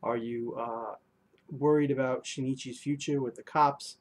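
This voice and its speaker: A man's voice: medium pitch, steady tone, unhurried. A young man reviewing an anime episode in a casual, rambling way, full of fillers and restarts.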